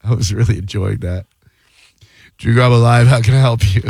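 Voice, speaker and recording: A male radio host taking calls, making deadpan wisecracks in casual chat. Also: mid-range voice, moderate pace, vocal fry, husky, no room sound.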